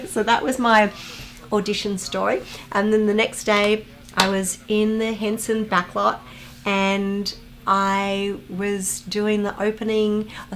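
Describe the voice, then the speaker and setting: A woman hosting a fan watch-along, chatting casually, reading viewer comments aloud and telling animated anecdotes. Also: medium pitch. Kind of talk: casual livestream chat and storytelling.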